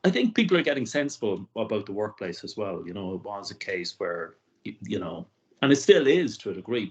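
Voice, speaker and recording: A man interviewing a guest, reflective and agreeable in a relaxed chat. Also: lowish voice. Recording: dull lo-fi audio.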